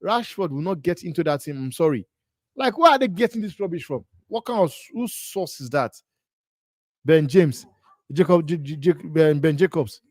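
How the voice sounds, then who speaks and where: A man's voice: a little high, animated, normal speed, no echo, clean studio sound. A man hosting a live football watch-along, ranting in disbelief about transfer rumours and repeating himself. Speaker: host.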